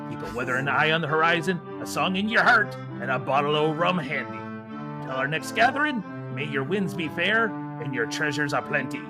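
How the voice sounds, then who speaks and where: A man's voice: fairly high pitch, expressive, over music, lightly acted. A man voicing a hammy pirate captain reading a podcast sign-off. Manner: theatrical, drawn-out pirate delivery.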